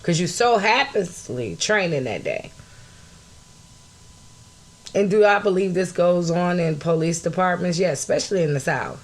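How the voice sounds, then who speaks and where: An outraged woman hosting a solo podcast, her voice climbing from low, steady talk to loud shouting. She speaks bluntly, swears often and stops to greet her viewers. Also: measured pace, pauses often. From United States. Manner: greets live chat viewers mid-talk. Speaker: podcast host.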